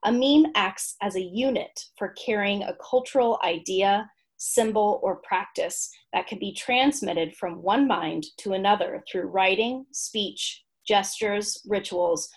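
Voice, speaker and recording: Husky woman reading with wry asides. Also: mid-range voice, unhurried. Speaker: podcast co-host. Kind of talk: reading a written entry aloud, casual chat.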